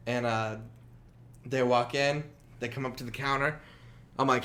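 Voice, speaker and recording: This podcast guest's mid-range voice moves at a moderate pace with frequent pauses. Chatting casually, he tells an animated story full of swearing and acted-out quotes.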